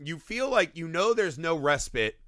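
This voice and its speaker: A man co-hosting a casual movie podcast, talking in an animated, profane way and acting out scenes in goofy voices. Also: fairly high pitch, normal speed, no echo, studio quality. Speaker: podcast co-host. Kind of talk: casual movie-review chat.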